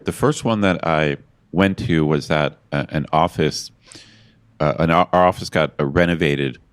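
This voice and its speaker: A man's voice: a bass voice, a little slow, clean tone. A man co-hosting a podcast in casual chat, rambling and self-deprecating with lots of restarts. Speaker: podcast co-host.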